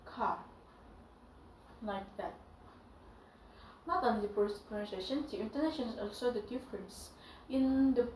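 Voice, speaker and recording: A young woman with an Indonesian accent teaching English, switching back and forth between English and Indonesian in halting phrases. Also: a little high, darkish tone, recorded from a distance, slight background noise. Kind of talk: bilingual lesson. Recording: echoey room, voice from off-mic.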